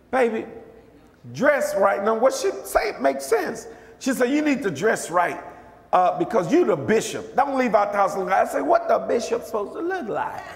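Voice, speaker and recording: A man preaching a lively, conversational sermon as a bishop, calling out questions to his congregation. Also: high-pitched, echoey room, long reverb tail. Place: church.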